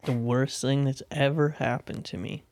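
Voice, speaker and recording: A man's voice: medium pitch, steady tone, normal speed, darkish tone. Teasing young man, casual chat. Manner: teasing, laughs a lot. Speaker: podcast co-host.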